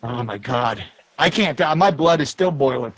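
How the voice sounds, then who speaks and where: A man co-hosting a podcast, telling a travel story in casual chat with lots of swearing and animated retelling. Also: mid-range voice, moderate pace, no echo. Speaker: podcast co-host.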